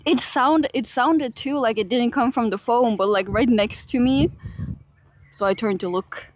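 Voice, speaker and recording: A chatty young woman from Finland, talking loosely to her stream chat as she strolls outdoors with a phone in hand. Her voice sits a little high and she laughs easily between remarks, in an open-air, phone-mic sound. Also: measured pace, dry recording. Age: young adult. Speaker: IRL streamer. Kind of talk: casual livestream chat while walking. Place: outdoors in a park. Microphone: handheld phone camera.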